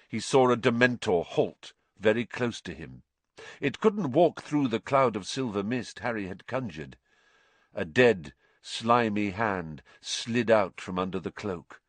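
A man narrating an audiobook in a measured, suspenseful way, dropping low for dark passages. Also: dry recording.

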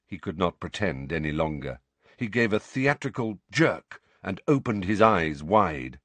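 A man narrating a story in a measured, expressive way. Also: low-pitched, dry recording. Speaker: audiobook narrator. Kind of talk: scripted narration.

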